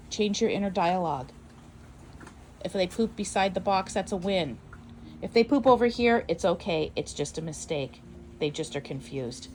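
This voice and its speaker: A woman trainer giving casual, calm and encouraging instruction on raising puppies. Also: lowish voice, moderate pace, low-quality recording. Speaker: puppy trainer. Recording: steady background noise.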